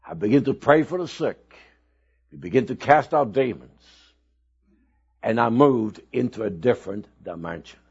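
A man preaching a sermon, telling his own testimony slowly and with emphatic bursts of loudness. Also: mid-range voice, expressive, husky. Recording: dull lo-fi recording.

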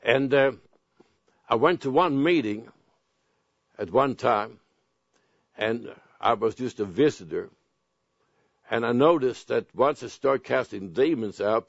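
A man preaching a sermon, telling personal stories and reading scripture slowly and deliberately. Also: mid-range voice, animated, creaky, dry recording. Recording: dull lo-fi sound.

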